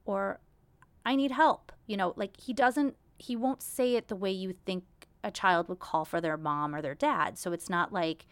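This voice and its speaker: A woman's voice: on the low side, moderate pace, few pauses, clean tone, dry recording. A woman in her thirties hosting a casual solo podcast, talking candidly in a chatty, self-deprecating way. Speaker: podcast host.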